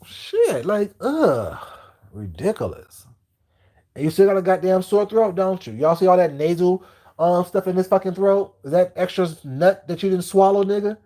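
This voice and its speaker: A man with a fairly high voice ranting on a live stream. He talks to his chat bluntly and heatedly, swearing freely as he goes. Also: very animated, normal speed, warm tone.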